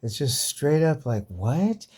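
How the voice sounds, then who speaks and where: A man's voice: on the high side, sing-song, takes it slowly, darkish tone, breathy edge. A man giving a casual, profane, slangy rundown of an old comic book, riffing in disbelief.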